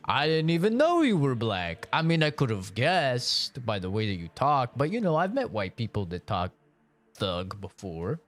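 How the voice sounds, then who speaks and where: A man's voice: mid-range voice, very animated, normal speed. A young man streaming a video game, telling stories in a laughing, sarcastic, casual way. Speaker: livestream gamer.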